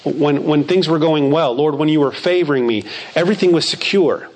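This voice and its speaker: A man's voice: fairly high pitch, brisk, a little mellow. Earnest man preaching a sermon. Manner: earnest, repeats phrases for emphasis, reads verses aloud.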